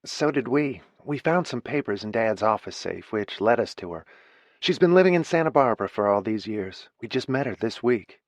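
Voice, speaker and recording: A male narrator voicing a fair-minded grown daughter who speaks gently and evenly. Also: mid-range voice, animated, no echo, lightly acted. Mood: gentle. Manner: gentle, measured.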